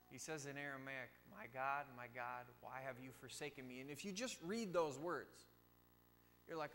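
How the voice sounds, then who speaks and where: A man's voice: medium pitch, moderate pace, fairly bright tone. A man giving a casual youth sermon in a church, speaking informally with joking asides. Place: church sanctuary. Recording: long church reverb with faint hum.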